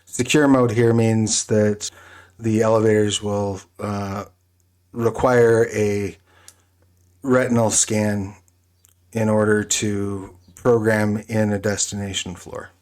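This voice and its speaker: A man narrating as game master of a tabletop role-playing game, relaxed and halting, with many fillers. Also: on the low side.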